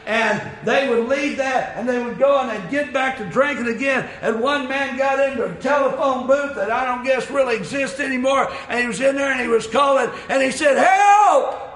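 A man preaching a sermon, telling a folksy story with repeated phrases and building to impassioned shouted climaxes. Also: very high-pitched, a little fast, few pauses. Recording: very echoey room with faint noise.

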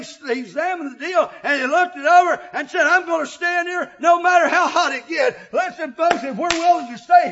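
An older man preaching an emotional sermon, often shouting, with a filler 'uh' between phrases. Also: extremely high pitch, highs cut off, background noise.

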